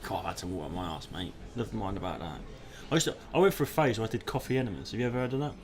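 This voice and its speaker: A man's voice: fairly low pitch, racing. A man co-hosting a live comedy podcast, telling rambling anecdotes in casual chat. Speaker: podcast co-host.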